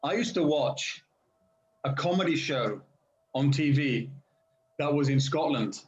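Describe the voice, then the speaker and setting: Another guest on a language-learning video call, this English man has a standard southern British accent and a fairly high, expressive voice. He chats casually with the learners, speaking slowly and carefully and restarting often, over roomy, muffled call audio.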